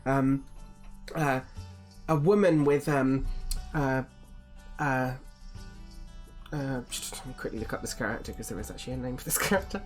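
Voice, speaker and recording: A woman's voice: extremely low pitch, moderate pace, soft background music. A woman narrating as game master of a tabletop game, rambling with many fillers.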